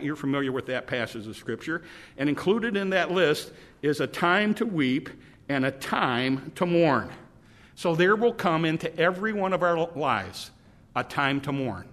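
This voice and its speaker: A man's voice: a little high, fairly bright tone, long reverb tail. Brief: emphatic male preacher, stumbling repeats, ringing tone. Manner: emphatic, repetitive, stumbling restarts. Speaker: pastor. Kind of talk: sermon.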